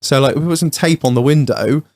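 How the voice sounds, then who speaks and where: A man's voice: a little high, a little fast, a little mellow, no room sound. A man hosting a podcast in casual chat, telling stories with lots of swearing. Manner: sweary storytelling. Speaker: podcast host.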